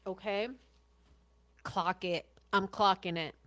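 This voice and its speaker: A woman's voice: mid-range voice, fairly even intonation, takes it slowly, pushed and bright. A woman podcast host commenting on interview clips, blunt and sarcastic, swearing freely.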